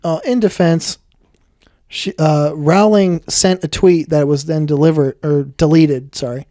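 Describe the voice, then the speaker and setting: A man's voice: fairly high pitch, fairly even intonation, unhurried, warm tone, no echo, studio quality. A man co-hosting a podcast, reading news items aloud with wry asides. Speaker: podcast co-host. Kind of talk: casual podcast banter.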